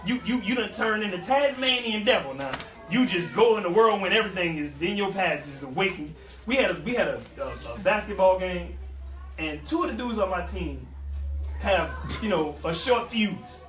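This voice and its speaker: Brief: a high-pitched New man with a lively, folksy preaching style, recorded from a distance in an echoey room. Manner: animated, folksy, with vernacular asides and repeats. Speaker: speaker at a youth life-skills session. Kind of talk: motivational talk with preaching flavor.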